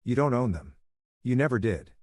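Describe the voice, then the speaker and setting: A man voicing a quiet, icy young wife in a narrated story. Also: mid-range voice, animated, normal speed, dry recording, studio quality, pitched above the performer's own voice, close to an everyday voice. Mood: cold.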